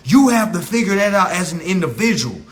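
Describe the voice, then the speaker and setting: On a phone livestream, a man with a high-pitched, sing-song voice rants briskly. He's profane and preachy, repeating his points with emphasis in this unscripted rant.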